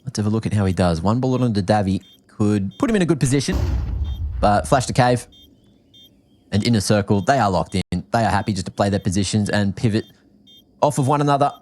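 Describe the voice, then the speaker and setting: A man from Australia with an Australian accent, calling esports play-by-play with quick, excited reads of the action. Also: fairly low pitch. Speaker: esports caster. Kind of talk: play-by-play commentary.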